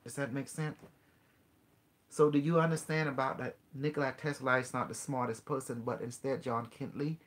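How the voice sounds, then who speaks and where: A man hosting a call-in show, earnestly explaining ideas in halting, non-native English, with many restarts and rhetorical questions. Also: mid-range voice, fairly even intonation. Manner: earnest explaining, mixes in quoted dialogue with a device. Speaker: host.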